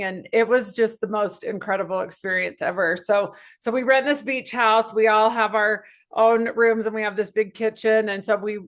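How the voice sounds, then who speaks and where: A middle-aged woman telling a personal story casually on a video call, animated and full of fillers and restarts. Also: medium pitch. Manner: animated, acts out quoted voices, many fillers and restarts. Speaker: guest speaker.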